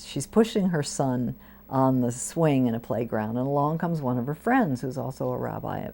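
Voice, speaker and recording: A very deep, gravelly voice at a moderate pace belongs to an older woman priest being interviewed at a community TV studio. She tells warm stories from her life, acting out the people she quotes in lively voices.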